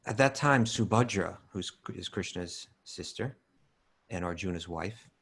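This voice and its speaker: A man co-hosting a spiritual talk show, chatting casually and calmly explaining a scripture reading. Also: deep voice, a little slow, slightly rough. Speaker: podcast co-host.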